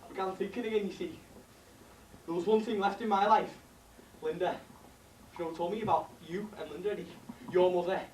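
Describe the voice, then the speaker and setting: A teenage boy acts out a rough working-class lad who talks quickly and bluntly, swinging into desperate shouting. It sounds like a school stage play caught from the back of an echoing hall, with faint noise under it. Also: high voice, fairly even intonation, lightly acted. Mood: bitter. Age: teens. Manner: blunt, shouting and near tears at the climax. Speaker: school drama student. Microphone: far camera. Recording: echoey hall from far off.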